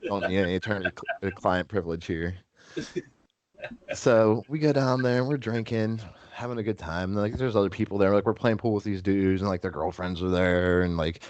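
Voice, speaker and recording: A young man with a Western Pennsylvania accent tells a rowdy bar story in a low, deep voice. He rambles and swears, acting out drunk friends with sudden jumps in pitch. The mic is close and the sound is dry. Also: a little fast, darkish tone, no echo, lo-fi sound. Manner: rambling, profane, acts out quotes with big swings. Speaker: podcast guest. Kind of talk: casual storytelling.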